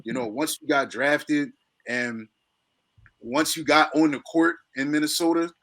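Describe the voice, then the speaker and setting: Slightly high-voiced eager sports fan host. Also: male voice, fairly even intonation, unhurried, a bit bright. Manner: eager fan, rambling questions. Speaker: podcast host. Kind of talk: casual sports chat.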